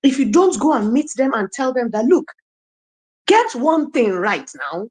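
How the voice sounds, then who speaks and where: A woman's voice: sits high, big pitch swings, unhurried, a little mellow. Woman preaching hard at her listeners, emotional, one question after another. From Nigeria. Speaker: guest speaker. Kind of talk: impassioned speech in an online audio chat room.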